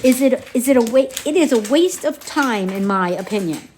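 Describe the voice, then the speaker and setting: A woman's voice: fairly high pitch, animated, normal speed, a little mellow, a little hiss or hum, natural voice. A woman voicing a haughty female mouse mother, dismissive and dramatic.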